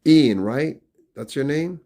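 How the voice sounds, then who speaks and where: A man in his fifties live-streaming from his family home indoors, chatting casually with viewers and reading their comments aloud, often trailing off quietly. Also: on the high side, lively intonation, slow pace. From New York. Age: 50s.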